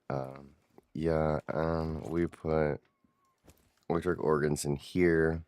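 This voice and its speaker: Very deep-voiced slow-talking male streamer. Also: flat delivery, darkish tone, no echo. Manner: chatty, talks to chat, swears casually. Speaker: game streamer. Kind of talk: casual gameplay commentary.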